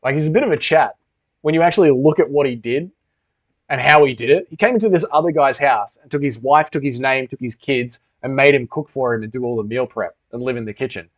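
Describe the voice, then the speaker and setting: A man's voice: medium pitch, brisk. A young man hosting a casual livestream Q&A, reading chat aloud and bantering crudely with heavy swearing. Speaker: livestream host. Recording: dull lo-fi stream audio.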